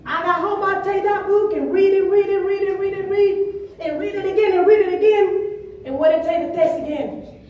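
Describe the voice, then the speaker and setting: A very high-voiced woman tells her story in an animated motivational speech, laughing as she goes. She is picked up from a distance in a very echoey event room, with faint noise behind her. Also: moderate pace, muffled recording. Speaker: featured speaker at a networking event.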